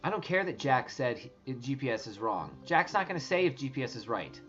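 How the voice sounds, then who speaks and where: A man talking casually to his viewers, rambling and excitable, swearing and restarting his sentences often. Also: mid-range voice, brisk, dull audio, soft background music. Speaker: treasure hunt vlogger.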